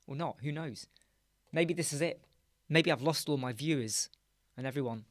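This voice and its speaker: A man hosting a casual live stream, chatting and muttering asides as he works on a website in a dark home studio with soundproof panels. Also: fairly high pitch, moderate pace, no room sound. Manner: chatty, muttering asides while working on screen. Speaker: live stream host, web designer. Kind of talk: casual live-stream chat while working.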